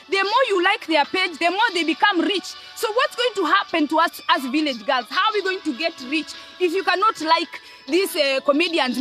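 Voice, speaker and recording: A woman's voice: very high voice, pushed and bright. A Kenyan woman ranting to her audience in an emphatic, scolding way, repeating words and asking "eh?" between points. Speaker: online commentator. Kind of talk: ranting monologue to camera.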